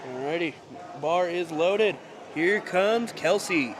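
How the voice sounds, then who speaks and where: Congested from a cold, a man with a high voice provides live commentary on a powerlifting meet at a slow pace, with crowd noise in the background. His play-by-play is relaxed and self-correcting, sprinkled with dry asides.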